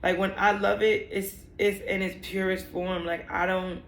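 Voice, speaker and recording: A woman's voice: mid-range voice, level tone, normal speed, echoey room, slight background noise. A young woman telling a personal story in a vlog, candid and emotional, rambling with many fillers. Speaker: vlogger.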